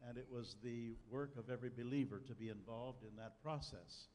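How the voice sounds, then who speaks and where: An older pastor with a medium-pitched, darkish voice speaks a little fast, telling a personal story in his sermon with folksy charm and dry humor. The church sanctuary gives a long hall reverb with faint ambience, plus a bit of hiss or hum.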